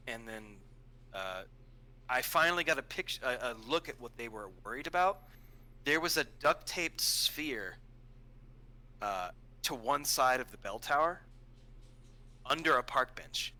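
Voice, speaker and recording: Bright sharp-voiced young guy telling a story on stream, animated, jumps high when quoting people. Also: measured pace, low-quality recording. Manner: animated, acts out quoted voices with sudden pitch jumps. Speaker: stream co-host. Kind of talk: casual storytelling.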